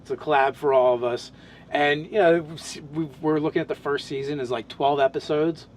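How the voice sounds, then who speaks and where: A man's voice: on the high side, steady tone, fairly quick, slight background noise. A man in casual podcast chat, describing his tabletop game character, talking in loose, rambling sentences full of restarts and fillers.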